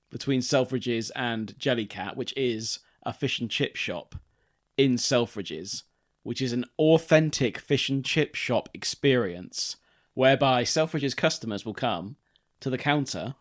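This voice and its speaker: A man, co-hosting a casual podcast chat, telling a story in an animated, mocking way and swearing freely. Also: mid-range voice. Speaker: podcast co-host.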